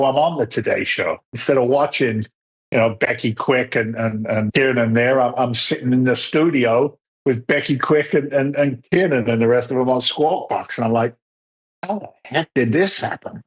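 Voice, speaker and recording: A middle-aged man telling stories as a podcast guest, acting out the dialogue lively as he talks. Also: medium pitch, normal speed, husky. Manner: animated storyteller who acts out quoted dialogue. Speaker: podcast guest, real estate investor. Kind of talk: storytelling interview answers.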